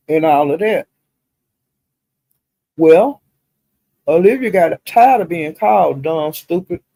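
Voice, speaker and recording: Her voice is fairly low, a little mellow with a breathy edge, and there's no echo. She's an older Southern US woman hosting a live stream, launching into a profane, indignant rant with heavy emphasis.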